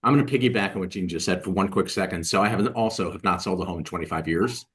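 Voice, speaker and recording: Measured, low-voiced coaching man. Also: a bit bright. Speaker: panelist, real estate agent. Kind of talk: webinar panel talk.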